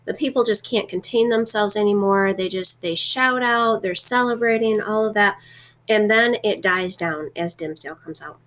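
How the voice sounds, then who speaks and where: A woman's voice: mid-range voice, moderate pace, a bit bright. A woman teacher recapping a novel chapter in a casual, conversational way, with fillers as she retells.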